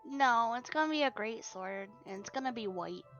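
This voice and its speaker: Female player, bright and fairly high, casual and blunt, dull lo-fi line. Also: animated, normal speed, faint music behind. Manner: casual, blunt, swears freely. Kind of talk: casual tabletop game play.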